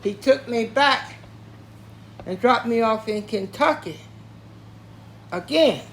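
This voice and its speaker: An older man from Tennessee, slowly and plainly recounting a story from his own life. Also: very high-pitched, lively intonation, a bit bright, slight background noise. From Tennessee, US South. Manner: slow, plainspoken, matter-of-fact telling. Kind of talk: spoken personal story.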